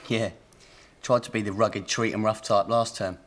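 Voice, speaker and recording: A young actor playing an easygoing college lad. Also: male voice, lowish voice, steady tone, moderate pace, fairly bright tone, slight background noise, lightly acted. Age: young adult. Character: laid-back young college lad, her son.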